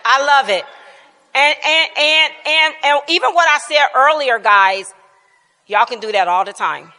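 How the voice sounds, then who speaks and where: A woman's voice: high voice, a little slow. A woman in her fifties speaking personally to a church Bible class, emotional and laughing as she addresses the group directly. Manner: warm, laughing, emotional, talks straight to the group. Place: church hall. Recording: long hall reverb.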